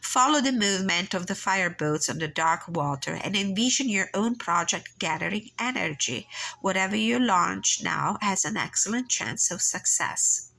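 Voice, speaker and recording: A woman with a stuffy, nasal voice from blocked sinuses, calmly doing a personal tarot reading and reading passages aloud from a guidebook, with many pauses and fillers. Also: mid-range voice, vocal fry, low-quality recording. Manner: calm, reflective, unhurried with frequent fillers. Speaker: tarot reader and channel host.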